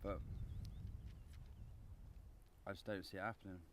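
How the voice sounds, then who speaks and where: A man's voice: sits low, little pitch movement, unhurried, fairly bright tone, a little hiss or hum. A man playing a swearing loner in the wild. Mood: brooding. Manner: swearing constantly, rambling and grumbling. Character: foul-mouthed, worn-down man surviving alone in the wild. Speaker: survivalist living rough. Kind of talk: improvised mockumentary acting.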